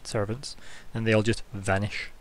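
A man's voice: lowish voice, little pitch movement, moderate pace, slight background noise. A man running a tabletop game as game master, narrating scenes in a loose, descriptive way with many fillers.

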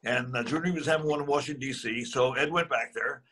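Husky-voiced man in his eighties. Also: mid-range voice, quick pace, pushed and bright. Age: 80s. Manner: rambling, chuckling storyteller. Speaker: guest. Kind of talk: casual storytelling.

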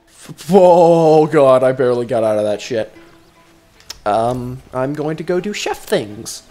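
A man doing casual gameplay commentary, jokey and profane, breaking into loud excited outbursts. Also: medium pitch, takes it slowly, faint music behind. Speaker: gaming commentator. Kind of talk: casual let's-play commentary.

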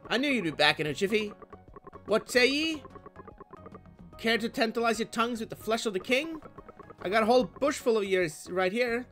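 A man voicing a gruff male crab shop boss in a video game, bossy and sprinkling broken French phrases with pirate flair. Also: extremely high pitch, lively intonation, moderate pace, pauses often, fairly bright tone, soft background music, pitched above the performer's own voice. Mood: grandiose.

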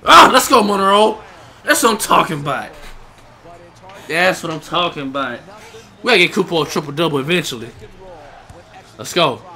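A young man narrates his basketball game as he plays, cheering the players on and groaning at misses. His voice is very bright and slightly high for a man. Its pitch swings widely as he reacts. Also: moderate pace, long pauses, slightly rough. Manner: excitable, reacts loudly to plays, talks to players and viewers. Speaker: gaming YouTuber. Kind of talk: live gameplay commentary.

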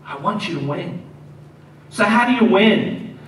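A man preaching a sermon as pastor, telling stories in an animated way and repeating key lines for emphasis. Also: sits high, measured pace, a little hiss or hum. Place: church sanctuary. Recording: echoey church hall, mic at a distance.

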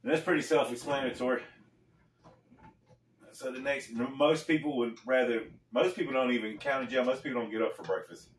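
A man hosting a casual storytelling vlog, talking in a laid-back, slangy way with pauses. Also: medium pitch, a little hiss or hum. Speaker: storyteller host. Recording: echoey room, mic far off.

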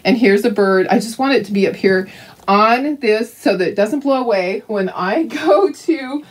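A woman's voice: fairly high pitch, expressive, unhurried, breathy edge. An older woman from Canada chatting casually with viewers while she paints craft kits, laughing often and restarting her sentences. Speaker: craft livestream host.

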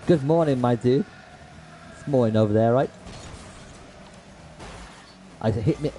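Medium-pitched and mellow, this man talks a little fast over poor audio with some hiss or hum. He's a gaming livestreamer giving casual commentary to chat, peppered with slang and "bro," cursing and raging at plays and then apologizing.

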